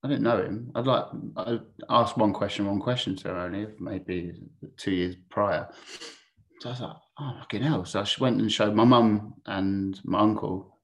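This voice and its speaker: A man's voice: on the low side, steady tone, normal speed. A man, telling a personal story as a podcast guest in a candid, chatty, sweary way with frequent restarts. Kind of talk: casual anecdotal storytelling.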